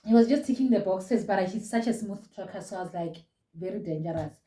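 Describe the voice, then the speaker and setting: A woman's voice: mid-range voice, a little fast, dark tone, recorded from a distance, slight background noise. A young South African woman chatting in a gushing, casual way, reviewing a reality show from home. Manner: gushing, chatty, code-switching. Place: room at home. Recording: roomy echo, set back from mic.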